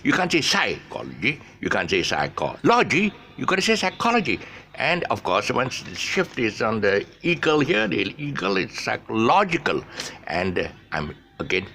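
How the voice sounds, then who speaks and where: A man's voice: medium pitch, sing-song, moderate pace, creaky, few pauses, sharp tone. A man teaching English pronunciation casually, stretching the stressed syllables to demonstrate and restarting his sentences often. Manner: explains with many restarts and fillers. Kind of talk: casual spoken English lesson.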